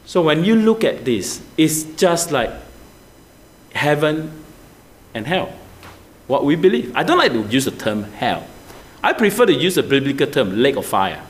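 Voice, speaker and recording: A man's voice: a little high, measured pace, long pauses. A man preaching a sermon, constantly asking his congregation questions and urging online viewers to comment. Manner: animated, asks the congregation many questions.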